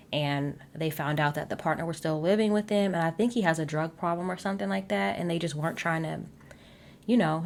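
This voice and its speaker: A young woman, giving a chatty, sassy recap of a reality TV episode, laughing often and dropping playful asides. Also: low voice. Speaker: recap host. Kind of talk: casual TV recap commentary.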